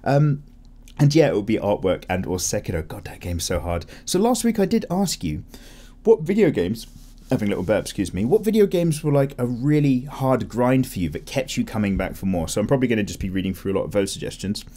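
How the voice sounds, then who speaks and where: A young man hosting a relaxed drawing vlog, chatting casually and rambling with frequent self-corrections. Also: fairly low pitch, a little fast. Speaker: art channel host. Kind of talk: casual chat while drawing.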